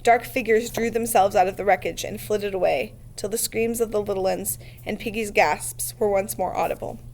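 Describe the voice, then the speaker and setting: Steady female reader for novel narration, mid-pitched and measured. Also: vocal fry. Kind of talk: reading a novel aloud.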